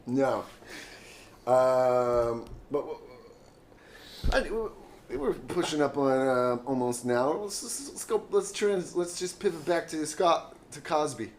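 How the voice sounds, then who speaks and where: A man's voice: fairly high pitch, animated, slow pace, a little hiss or hum. A man co-hosting a podcast in crude casual banter, joking, trailing off and laughing often. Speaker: podcast co-host.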